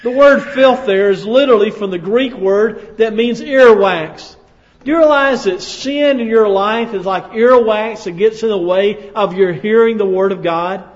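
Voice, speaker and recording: A man's voice: sits high, unhurried. A man preaching a folksy, emphatic sermon to his congregation, often asking them questions. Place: church hall. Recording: dull sound with long hall reverb.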